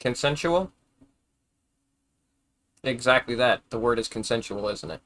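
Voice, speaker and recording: A man holds forth on a live stream in a loose, rambling rant. He swears freely and argues his point. He trips over his words and restarts them often, and his voice sits at an ordinary middle pitch. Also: lively intonation, unhurried, a bit bright. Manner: rambling, profane, argumentative, with frequent stammered restarts. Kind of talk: casual ranting monologue.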